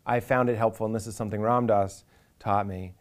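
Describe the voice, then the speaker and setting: A man's voice: lowish voice, steady tone, a little fast. A man, a comedian talking earnestly and with animation in a reflective interview, now and then acting out inner voices for a laugh.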